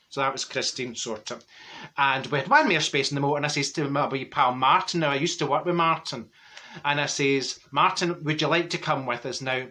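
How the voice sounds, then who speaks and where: A man's voice: mid-range voice, sharp tone, close to an everyday voice. A man playing a gossiping middle-aged Glasgow woman with a Glaswegian accent, telling rambling comic stories with lots of exclamations. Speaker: comedy character monologue. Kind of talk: comic character storytelling.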